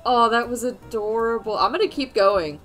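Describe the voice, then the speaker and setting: A woman's voice: on the high side, moderate pace, a bit bright, faint music behind. A young woman streaming a game, giggly, flustered and playful as she comments on her play. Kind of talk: casual gameplay commentary.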